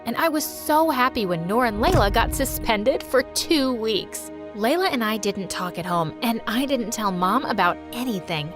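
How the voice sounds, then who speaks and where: A woman narrating a dramatic animated story in a scripted, expressive storytime style. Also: fairly high pitch, normal speed, few pauses, music in the background.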